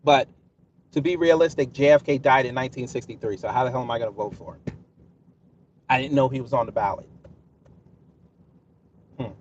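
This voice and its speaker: A man's voice: medium pitch, a little fast, pauses often, darkish tone, distant mic, dull audio, slight background noise. A man hosting a casual live stream, talking straight to his chat in a combative, sarcastic way. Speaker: livestream host.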